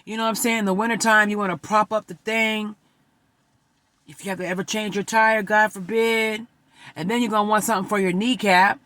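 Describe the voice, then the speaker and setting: A woman in her forties tells a heartfelt personal story to her vlog audience. Her voice is bright and forceful, and she swings from bursts of excitement to moments close to tears. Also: medium pitch, fairly quick, no echo. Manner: expressive, swings between excited and tearful. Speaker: vlogger.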